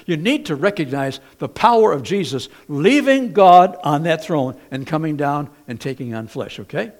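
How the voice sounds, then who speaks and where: A man preaching a sermon, talking conversationally and telling personal stories, swinging between loud exhortation and soft, low asides. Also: very animated, moderate pace, hardly any pauses. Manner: conversational, personal storytelling with fillers. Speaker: pastor.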